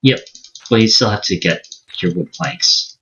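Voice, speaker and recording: A man's voice: medium pitch, expressive, measured pace, vocal fry, sharp tone. A man hosting a casual gaming chat, rambling with fillers and restarts and laughing often. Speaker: let's play host. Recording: lo-fi mic with keyboard clicks and hiss.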